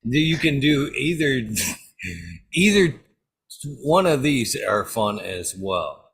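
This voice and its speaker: A man's voice: medium pitch, sing-song, slow pace, fairly bright tone, slight background noise. A man in a casual podcast chat, rambling through job-site pranks, swearing and searching for words. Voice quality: gravelly.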